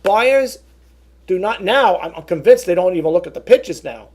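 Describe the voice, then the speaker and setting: With a high-sitting, expressive and slightly mellow voice at a moderate pace, this middle-aged man vents indignantly in a casual vlog. He rambles, frequently restarts his words, and quotes both ends of a phone conversation.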